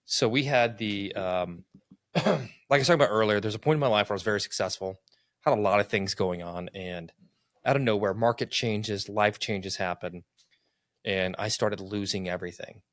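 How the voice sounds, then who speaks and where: Low-voiced man telling an earnest story. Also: normal speed, dry recording, studio quality. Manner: earnest, animated, acts out quotes. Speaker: podcast guest telling a personal story. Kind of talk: casual storytelling.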